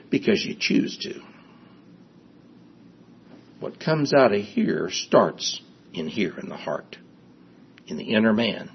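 Emphatic, husky male preacher. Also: medium pitch, lo-fi sound. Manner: emphatic, repeats key phrases, acts out excuses. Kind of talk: sermon.

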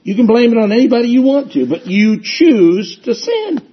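A man's voice: very high voice, wildly swooping pitch, normal speed, husky, lo-fi sound. A man preaching a sermon with emphasis, repeating his key phrases and acting out people's excuses.

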